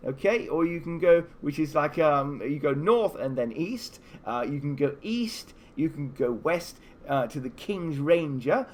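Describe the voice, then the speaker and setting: A man narrates a live tabletop adventure for children, his voice slightly high for a man. His delivery swoops up and down as he paints each scene and lays out the players' options. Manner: animated storytelling, offering choices. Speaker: game master.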